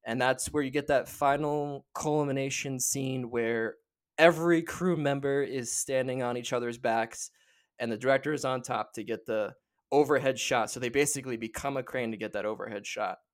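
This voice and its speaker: A man's voice: mid-range voice, moderate pace. Man casually retelling a film's plot. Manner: rambling, restarts often, retells scenes. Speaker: podcast co-host. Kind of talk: casual chat, film discussion.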